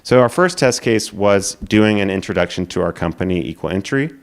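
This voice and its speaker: A man giving a conference presentation, explaining quickly with frequent fillers. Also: on the low side, lively intonation. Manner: explanatory, hurried, filler-laden.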